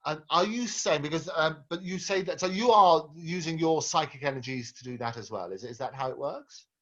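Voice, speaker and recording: A man hosting an interview, asking questions haltingly with many restarts. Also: on the high side, a bit bright. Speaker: interview host. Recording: dull lo-fi sound.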